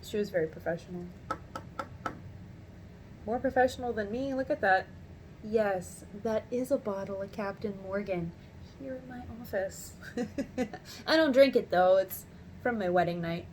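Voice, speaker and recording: A woman in her thirties telling a story to camera in a chatty, animated way from her home office, laughing often. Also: medium pitch, slight background noise. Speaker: vlogger.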